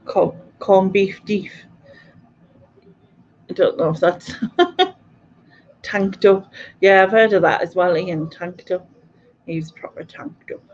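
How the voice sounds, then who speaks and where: Speaking slowly with long pauses, a woman hosts a live quiz stream in a Mackem accent from North East England, reading viewer comments, chatting casually and often laughing. Her medium-pitched, steady voice has a darkish tone on a muffled recording with a little hiss or hum.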